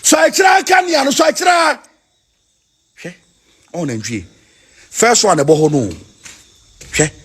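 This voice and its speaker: A man with a Ghanaian accent, preaching in an excited chanting call-and-response style, repeating his phrases over and over. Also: high-pitched, a little slow, long pauses, breathy edge, shouting. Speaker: self-styled spiritual leader.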